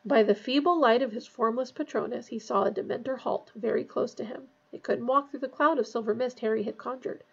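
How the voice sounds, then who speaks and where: A woman narrating a fantasy novel aloud in a tense, hushed storytelling manner. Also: on the high side, a little fast, vocal fry, few pauses, husky, muffled recording. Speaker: audiobook reader.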